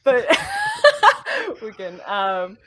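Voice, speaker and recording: A woman's voice: lowish voice, a little fast. A woman hosting a video call, thanking her guests and leading a short breathing exercise, laughing often. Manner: warm, appreciative, laughs often. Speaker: host. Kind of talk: casual chat on a video call.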